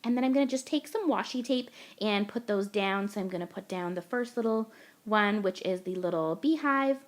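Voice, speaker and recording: A woman's voice: mid-range voice, moderate pace. A young woman from Canada, gushing and chatty as she talks through a card-making tutorial voice-over step by step.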